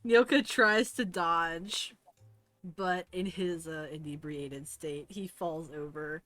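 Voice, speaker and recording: A woman's voice: on the low side, fairly even intonation, slow, fairly bright tone, no echo, soft background music. A woman narrating as game master of a tabletop game, casual and laid-back.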